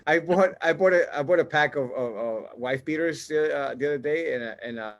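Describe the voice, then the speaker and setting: A man, a comedian, chatting on a video call, stumbling through restarts and dropping deadpan jokes. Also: on the high side, brisk. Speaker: comedian guest. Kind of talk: casual comedic chat.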